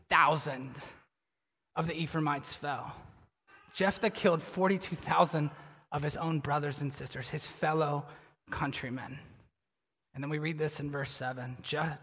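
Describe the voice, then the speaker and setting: Man, pastor, sermon, high bright voice, lively then somber, long hall reverb. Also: slightly rough. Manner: animated storytelling, drops to a low somber tone.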